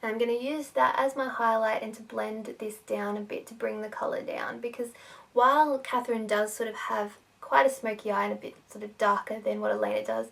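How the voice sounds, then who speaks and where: A woman's voice: fairly high pitch, vocal fry, far from the mic. A woman giving a casual makeup tutorial, talking in a chatty way with lots of fillers.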